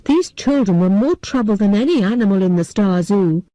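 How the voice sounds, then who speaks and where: A woman narrating an easy story for English learners, every sentence short and clearly spoken. Her voice is soft and mellow, recorded close and completely dry. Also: medium pitch, animated, moderate pace, no room sound, rough recording.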